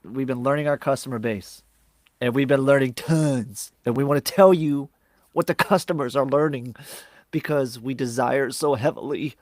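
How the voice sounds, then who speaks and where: A man co-hosting a live stream in casual chat, energetic and often acting out customer calls in a raised voice. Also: mid-range voice, dry recording. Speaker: co-host.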